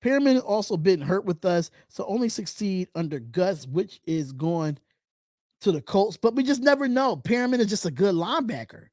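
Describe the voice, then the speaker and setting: A man's voice: sits high, animated, normal speed, a little mellow, dry recording, studio quality. A man hosting a casual live fan podcast, reading viewer comments aloud and repeating his points in loose, chatty speech. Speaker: podcast host. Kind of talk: casual live-stream chat.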